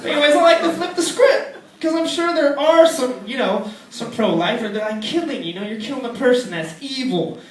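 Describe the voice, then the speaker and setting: A young man in his twenties doing a crude, rambling stand-up routine in a comedy club, often slipping into squeaky put-on voices. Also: animated, a little fast, slight background noise. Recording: echoey club with loud crowd, distant mic.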